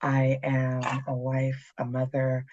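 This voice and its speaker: A woman's voice: a bass voice, completely flat delivery, slow pace, a little mellow, muffled recording. A middle-aged woman from Canada, speaking as a guest in a casual conversation, candid and dryly funny. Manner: candid, dry humor.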